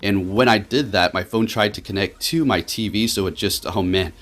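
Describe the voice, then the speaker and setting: A lowish-voiced man commentates his own matches live on his gaming channel, full of excitement. One moment he's frustrated, the next he's laughing.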